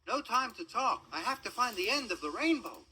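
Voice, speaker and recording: A man's voice: high-pitched, normal speed, slight background noise, voice pushed up, exaggerated voice. A man doing an eager, impatient young tank engine. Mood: hurried. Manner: excited, breathless exclamations. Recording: music playing underneath.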